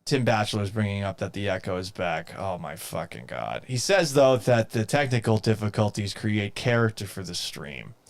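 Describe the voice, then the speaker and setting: A man's voice: fairly low pitch, animated, normal speed, hardly any pauses. A man hosting a live sports talk stream, talking casually and reading out viewer comments, exasperated and swearing, and mocking himself. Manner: reads viewer comments aloud.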